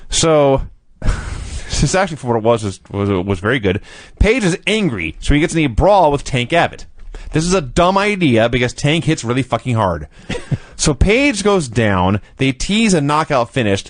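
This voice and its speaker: A man's voice: mid-range voice, sing-song, normal speed, no room sound. A man co-hosting a podcast, recapping an old wrestling show with sarcastic, profane jokes. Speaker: podcast co-host. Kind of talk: casual chat.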